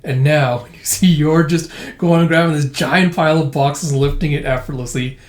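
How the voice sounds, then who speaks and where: Brief: scornful older veteran woman from a comic read-through, performed by a man, pitched up high and loud, sneering and scolding, no patience for anyone younger. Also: steady tone, normal speed, reverberant, close to an everyday voice.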